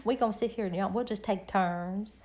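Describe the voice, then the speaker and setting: A woman's voice: medium pitch, a little fast, a little mellow. A middle-aged woman, chatting casually and rambling with viewers on her live stream.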